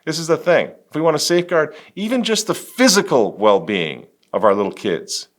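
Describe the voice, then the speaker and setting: A man's voice: a little high, big pitch swings, fairly quick. A man hosting a religious political commentary, talking emphatically with biting sarcasm and wry laughs. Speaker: host.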